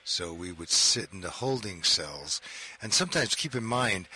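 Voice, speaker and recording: A man talking as a guest on a radio talk show, halting with frequent ums and uhs. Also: low-pitched, lively intonation, bright, forceful tone, slightly rough. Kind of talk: casual talk-radio conversation.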